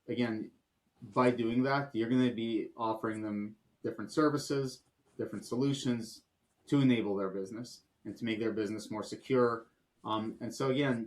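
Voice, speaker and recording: A man's voice: on the low side, low-quality recording. A man on a podcast, explaining at length and voicing sample client conversations, with frequent "um"s.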